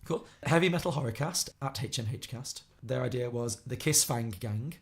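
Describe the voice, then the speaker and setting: A man from the Liverpool area hosts a casual podcast, chatting quickly and laughing now and then as he reads out listener suggestions. His voice is medium-pitched with vocal fry.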